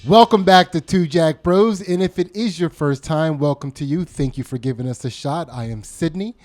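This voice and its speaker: A man's voice: a little high, normal speed, darkish tone, faint music behind. A man co-hosting a podcast in casual chat, playful and teasing with puns. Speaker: podcast co-host.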